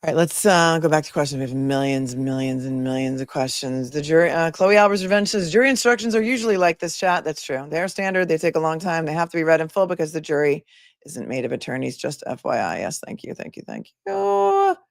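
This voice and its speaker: A woman attorney hosting a casual livestream, chatting and reading out viewer comments with quick asides. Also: deep voice, no room sound, clean studio sound. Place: home in a remote area.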